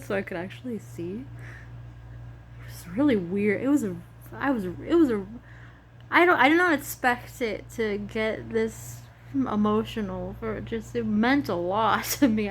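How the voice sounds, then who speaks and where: A woman's voice: medium pitch, a little hiss or hum. A woman vlogger chatting casually and emotionally about a video game, rambling with many fillers. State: tearful at times.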